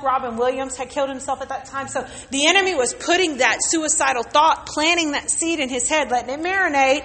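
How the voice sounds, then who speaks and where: A woman's voice: high-pitched, fairly bright tone, long reverb tail. A woman pastor preaching a sermon to a congregation, telling a personal story and leading call-and-response. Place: church sanctuary with congregation.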